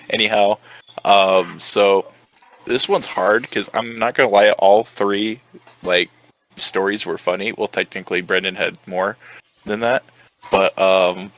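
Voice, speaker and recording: Lower-voiced young man, playful and teasing. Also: a bit bright, poor audio. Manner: playful, teasing, hesitant with fillers. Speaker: podcast guest. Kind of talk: casual chat.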